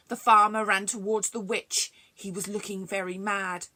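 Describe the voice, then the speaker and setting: A woman librarian reading rhyming stories aloud to children, expressive and chatty between verses. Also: medium pitch, measured pace, hardly any pauses. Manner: expressive, sing-song, chatty asides.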